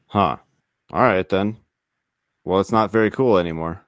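A man's voice: low voice, moderate pace, no room sound, clean studio sound. A man in casual conversation, making wry quips.

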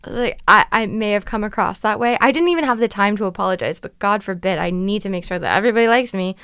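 A young woman vlogger telling a travel story in a chatty, dramatic way with quick asides. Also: medium pitch, a bit bright, smooth, no echo, clean studio sound. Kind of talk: casual storytelling vlog.

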